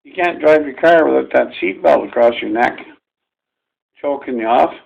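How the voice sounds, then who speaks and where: A man's voice: medium pitch, normal speed, creaky, lo-fi sound. A man ranting to camera in a rambling, folksy, profane way, as a vlogger airing his gripes.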